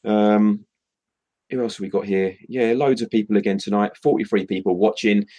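A British man with a low, husky voice co-hosts a casual live stream. He reads out viewer comments, pausing often with ums and restarts. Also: steady tone, mellow. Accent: British English. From Britain. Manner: hesitant, lots of ums and restarts. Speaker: co-host of a crypto live stream.

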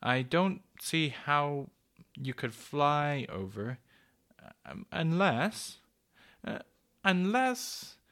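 A man voicing a kindly, motherly old female cuckoo bird who talks slowly and gently. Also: mid-range voice, animated. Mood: cozy.

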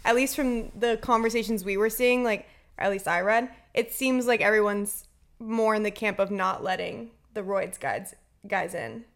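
A woman co-hosting a casual chat, talking in a relaxed, hedging way and laughing easily. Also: mid-range voice, moderate pace. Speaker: podcast co-host.

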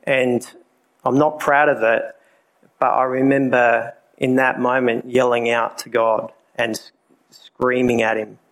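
A man's voice: medium pitch, level tone, measured pace, fairly bright tone, rough recording. A man giving his personal testimony to a church congregation, candid and conversational, with many fillers. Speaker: preacher sharing his testimony.

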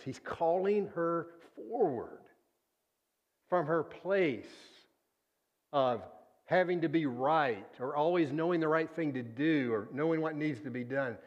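Slow, earnest male preacher. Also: animated, lo-fi sound. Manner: earnest, slow and deliberate, dropping to a hushed low voice on key words. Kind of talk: sermon.

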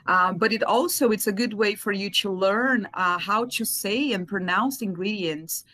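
A woman's voice: mid-range voice, moderate pace, sharp tone, low-quality recording. A woman guest in a casual chat over a video call, talking hesitantly with ums and restarts and laughing easily.

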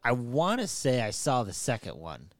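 A man's voice: mid-range voice, huge pitch swings, normal speed, fairly bright tone, no echo. A man in a casual podcast chat, telling stories animatedly, swearing freely and acting out quotes. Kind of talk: casual chat about movies.

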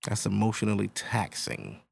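A man's voice: lowish voice, big pitch swings, normal speed, vocal fry, slightly rough. A man hosting his own podcast, ranting casually and profanely straight to his listeners. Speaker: podcast host. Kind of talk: casual solo podcast rant.

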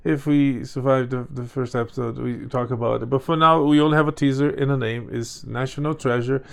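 A man's voice: mid-range voice, fairly even intonation, brisk, gravelly, smooth. A man co-hosting a casual chat show, talking in a rambling way with many restarts and fillers. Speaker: podcast co-host.

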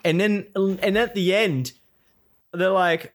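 Animated casual man, acting out scenes. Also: sits high, measured pace, long pauses. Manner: animated, acts out characters' lines, swears freely. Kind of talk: casual chat about a TV series.

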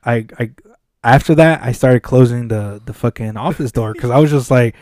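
A man with a mellow, warm voice tells a long story in a relaxed podcast chat. He swears freely and acts out what other people said. The sound is dry and close. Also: mid-range voice, moderate pace, dry recording. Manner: animated, swears often, acts out quoted dialogue. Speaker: podcast co-host. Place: podcast studio.

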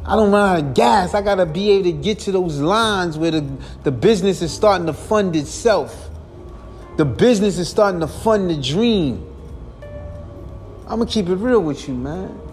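A man with a rather high voice rambles through an earnest, casual monologue as a podcast host. He sounds weary and keeps circling back with repeated phrases and a steady "man" at the end of his lines. Soft music plays faintly behind him. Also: moderate pace.

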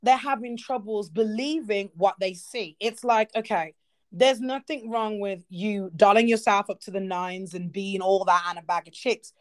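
A woman in a casual podcast chat, animated and playful, laughing often. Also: mid-range voice, moderate pace.

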